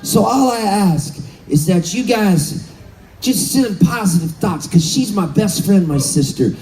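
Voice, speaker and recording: A man in his fifties from Southern California, telling a story on stage between songs, animated and laughing, calling out to the crowd. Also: high-pitched, unhurried, rough recording. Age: 50s. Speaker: musician. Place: live concert stage.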